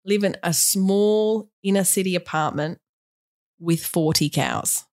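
A woman's voice: lowish voice, slow, a little mellow. A woman co-hosting a podcast, chatty and giggly, with playful sarcasm. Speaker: podcast co-host. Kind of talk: casual podcast banter.

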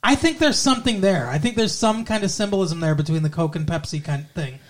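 A young man with a notably high-pitched voice chats casually about a film. His talk rambles, full of fillers, false starts and self-corrections. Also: expressive, fast. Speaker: podcast co-host reviewing a film. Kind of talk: casual conversation.

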